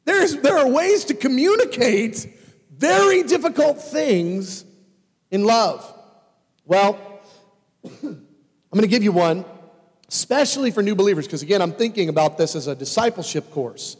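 A man preaching a sermon as pastor, animated and swinging between loud emphasis and hushed asides. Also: sits high, unhurried, pauses often, husky. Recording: long hall reverb.

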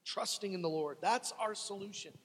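A man's voice: high voice, moderate pace, fairly bright tone, husky, big-room sound. A man preaching a sermon, dramatic and acting out desperate pleas to God as he teaches.

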